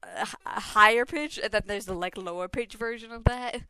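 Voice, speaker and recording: A woman's voice: on the high side, a little fast, bright, forceful tone, clean tone, dry recording. A woman hosting a game playthrough, chatting casually and giggling often. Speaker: let's play host. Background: game music.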